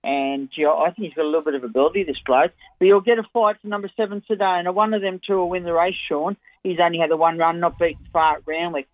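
An Australian man with a fairly high voice runs through his racing picks in a chatty, keen way. His voice comes down a thin, tinny phone line. The sound is dry and close. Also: fairly even intonation, fast, hardly any pauses, dry recording. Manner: chatty, enthusiastic form analysis. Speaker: racing tipster. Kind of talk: radio racing tips.

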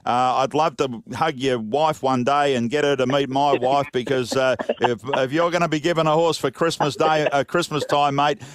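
A man's voice: medium pitch, fairly even intonation, normal speed, hardly any pauses, no echo. An Australian man hosting a radio show, chatting in a friendly, matey way with a caller. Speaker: radio host. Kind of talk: radio chat.

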